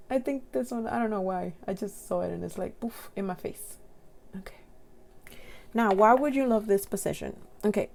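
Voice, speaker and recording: A young woman with a non-native English accent giving a casual tarot reading to camera, giggling often and reading card text slowly and carefully. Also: mid-range voice, creaky, a little mellow, slight background noise.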